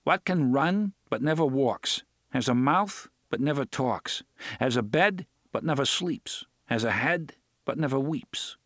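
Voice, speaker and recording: A man's voice: medium pitch, lively intonation, measured pace, fairly bright tone, no room sound, studio quality, voice pushed up. A man voicing a genial older man who loves riddles and old songs, teasing and playful in a full melodious voice.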